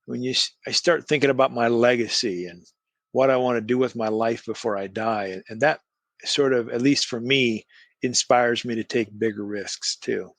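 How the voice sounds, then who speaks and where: A man's voice: mid-range voice, moderate pace, a bit bright, dry recording. Male theologian guest, dry close sound. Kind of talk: interview answers.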